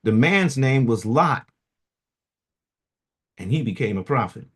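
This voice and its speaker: Husky man reading aloud casually. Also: medium pitch, expressive, takes it slowly. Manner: loose, chatty asides with many fillers. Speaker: radio host reading and commenting.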